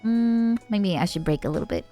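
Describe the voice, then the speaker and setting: A woman VTuber chatting casually on stream, playful and giggly, with sudden bursts of excitement. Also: mid-range voice, a little fast, soft background music.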